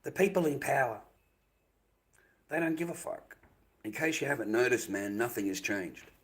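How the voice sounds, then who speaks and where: A man's voice: mid-range voice, animated, moderate pace. Angry swearing Australian man ranting. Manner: angry, profane, repetitive ranting. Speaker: livestreamer. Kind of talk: livestream rant.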